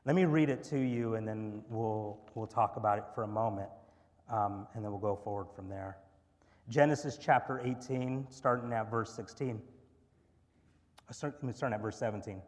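A male pastor giving a sermon, reading scripture aloud and telling stories in an animated way, sometimes acting out the voices of the characters. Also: on the low side, normal speed. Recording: long hall reverb.

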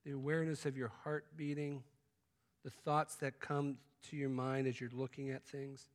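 A man preaching a sermon, swinging from loud exclamations to hushed, intimate tones. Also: mid-range voice, level tone, moderate pace. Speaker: pastor. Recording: long hall reverb.

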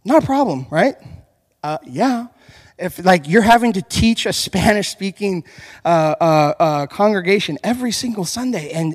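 A male pastor preaching a sermon, telling lively stories and speaking straight to his congregation in a church. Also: high-pitched. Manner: lively storytelling, addressing the congregation directly. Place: church hall. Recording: long hall reverb.

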